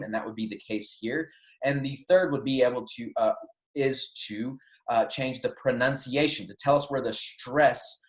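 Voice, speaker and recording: A man teaching a Spanish grammar lesson, explaining patiently and checking in with "right?" and "okay?" as he goes. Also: mid-range voice. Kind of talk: classroom lecture. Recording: roomy echo.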